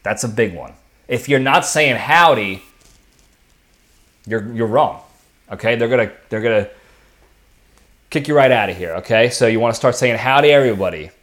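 A man's voice: mid-range voice, expressive, moderate pace, long pauses, fairly bright tone. A man hosting his own podcast, talking casually on his own and often checking in with "okay" and "all right.". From lives in Texas. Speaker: podcast host. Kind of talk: casual solo monologue.

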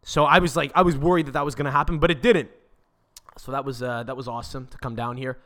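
Young podcast host, mid-pitched, loose profane rant with lots of restarts. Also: male voice, steady tone, fast talker, fairly bright tone. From Quebec, Canada. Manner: swears constantly, rambling restarts.

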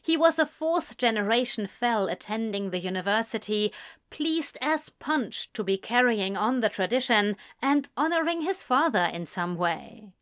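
A woman reading a story aloud in measured, gentle scripted narration. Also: on the high side, lively intonation. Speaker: audiobook reader.

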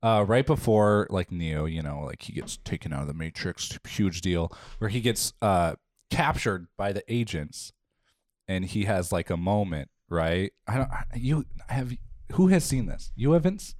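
A man's voice: low-pitched, animated, measured pace, a little mellow, no room sound, studio quality. Rambling young man hosting a podcast. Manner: rambling, filler-heavy, joking. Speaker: podcast host. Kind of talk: casual chat.

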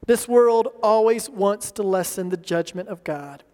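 High-voiced man preaching in a reverberant hall. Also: a little slow, a little mellow. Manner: earnest preaching, acts out quoted voices, repeats words when emphatic. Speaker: pastor. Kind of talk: sermon. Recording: long reverb of a large hall.

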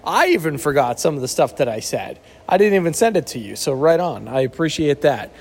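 A man co-hosting a casual podcast shares his thoughts candidly and reflectively, sometimes pausing to search for words. His voice sits a little higher than most men's. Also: very animated, gravelly, darkish tone, breathy edge. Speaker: podcast co-host. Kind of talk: casual recovery podcast chat.

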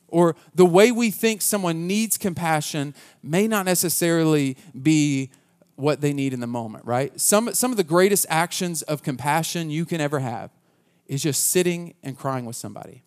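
A man's voice: on the high side, normal speed, a little mellow. A man preaching a conversational sermon as pastor, earnest and casual, often restarting his sentences.

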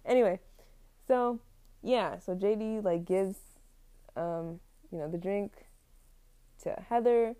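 A woman's voice: medium pitch, takes it slowly, pauses often, mellow, smooth. A young woman casually retelling a film plot, rambling with many fillers and frequent laughs.

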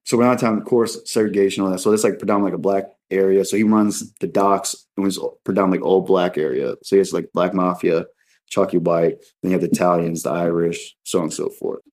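A man's voice: low voice, steady tone, quick pace, darkish tone. A man talking in a casual, rambling and jokey way as a podcast guest. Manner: rambling, jokey, drops into mock voices. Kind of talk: casual chat.

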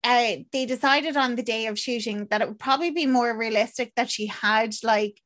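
A slightly high-voiced woman chats loosely through a film's plot. She swears freely and drops into quick impressions of the characters. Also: a bit bright. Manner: chatty, swearing, acts out lines in quick voices. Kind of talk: casual chat recapping a film.

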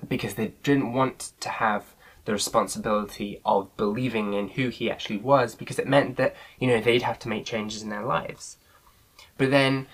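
A man's voice: fairly low pitch, fairly bright tone, rough recording. A man leading an online Bible study in a casual teaching style, earnest and loosely phrased with frequent filler sounds.

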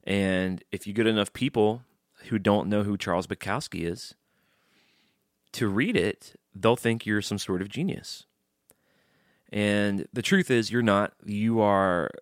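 A man's voice: fairly low pitch, no echo, studio quality. A man hosting his own podcast in a casual, rambling way, joking and swearing as he sips beer between thoughts. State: drinking beer while talking. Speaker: podcast host. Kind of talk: casual solo podcast chat.

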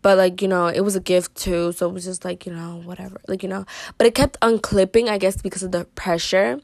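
A woman's voice: medium pitch, fairly even intonation, brisk, vocal fry, a little mellow, dry recording. A teenage girl tells a story in a loose, rambling way, leaning on "like" and "you know" throughout. Her delivery is playfully dramatic and joking. Her voice is recorded dry and close, with no room sound. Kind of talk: casual storytime monologue.

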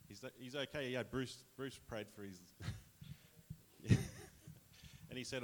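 A man's voice: mid-range voice, takes it slowly, fairly bright tone. An Australian man casually sharing a personal testimony with his church, chatty and rambling, often laughing.

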